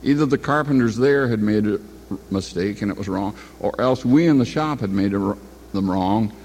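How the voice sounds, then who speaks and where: A man's voice: lowish voice, normal speed, a little mellow, slightly rough. An older man telling a long personal anecdote in a folksy, meandering way, often stopping to correct himself. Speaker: storyteller. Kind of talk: rambling spoken anecdote.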